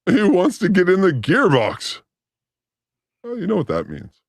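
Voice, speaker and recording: A high-pitched man with a very lively, swooping voice and a gravelly edge, laughing through a loose reaction chat. He gets loud and mimics the people he talks about. The sound is dry and close. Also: unhurried, no echo. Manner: laughs often, loud and animated, mimics others. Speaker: podcast co-host.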